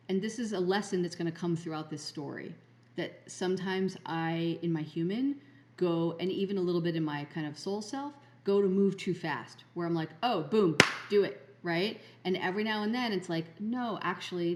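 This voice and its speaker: A woman's voice: fairly low pitch, darkish tone. A woman hosting a podcast, telling a spiritual story in a rambling way, full of fillers and restarts. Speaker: podcast host.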